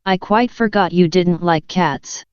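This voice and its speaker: A polite young girl , read by a woman, chatters on eagerly and rambles, her words slow and carefully paced. The voice is slightly low and very clear, with a dry, lo-fi sound. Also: no echo, close to an everyday voice. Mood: apologetic. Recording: dull lo-fi dry recording.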